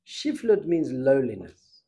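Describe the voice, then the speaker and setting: A middle-aged man, a rabbi, giving an informal Torah class in a lively, conversational way and putting questions to his students. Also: mid-range voice, slow pace.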